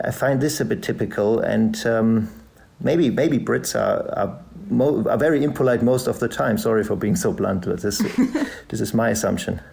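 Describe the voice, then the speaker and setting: Gravelly German man, hesitant. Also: medium pitch, a little mellow. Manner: hesitant, many fillers and restarts. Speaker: guest, journalist and author. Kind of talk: conversational interview answers. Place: podcast recording.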